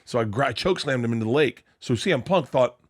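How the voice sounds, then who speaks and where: A man's voice: mid-range voice, fairly quick, husky. A man co-hosting a podcast, telling a wild story in a loose, profane, rambling way, full of restarts. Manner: animated, profane, rambling anecdote with many restarts. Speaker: podcast co-host. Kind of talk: casual comedic storytelling.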